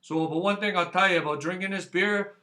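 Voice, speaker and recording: His high-pitched voice stays steady in tone but sounds sharp, and he talks fairly quickly with a Canadian accent. It's a casual beer review for his channel, delivered straight to camera, full of rambling jokes and sentences closed with "eh."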